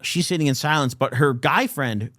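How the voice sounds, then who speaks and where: A man's voice: fairly high pitch, moderate pace, no echo, studio quality. A young man in his twenties, a podcast host telling a story in a casual, profane way. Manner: animated, profane, heavy use of "like".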